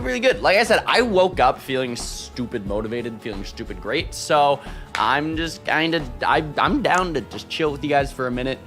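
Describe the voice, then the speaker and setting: A man live-streaming, chatting casually with his viewers and reading out super chats, excitable and quick to laugh. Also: medium pitch. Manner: excitable, laughs often, loud shout-outs.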